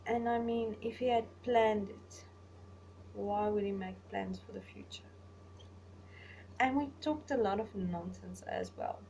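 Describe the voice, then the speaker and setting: A young woman vlogger casually recounting personal memories, rambling and getting animated when she retells conversations. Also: medium pitch, unhurried. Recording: voice a little far from the mic, faint background noise.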